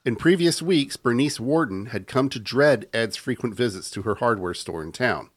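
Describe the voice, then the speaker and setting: A man hosting a podcast, reading a true-crime story aloud in an even narrating tone. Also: mid-range voice, moderate pace. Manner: reads the story aloud in an even narrating tone, breaking into laughter at the banter. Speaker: podcast host.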